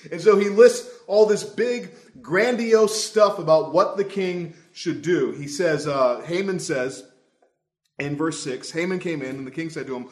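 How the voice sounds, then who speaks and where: Young male preacher, casual and wry, highish voice, echoey room. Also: measured pace. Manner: conversational, wry, animated storyteller. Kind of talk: sermon. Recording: roomy echo.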